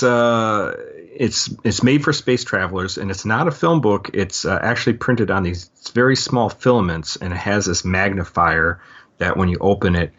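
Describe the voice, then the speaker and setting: Very deep-voiced man, rambling casually. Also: fairly bright tone, muffled recording. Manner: rambling, many fillers and restarts. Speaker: podcast co-host. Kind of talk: casual book-club discussion.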